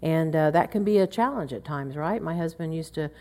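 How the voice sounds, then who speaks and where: A woman's voice: deep voice, animated, fairly quick, warm tone. A middle-aged woman from Oklahoma teaching a women's Bible study, chatty and anecdotal, acting out little grumbles under her breath. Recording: long hall reverb.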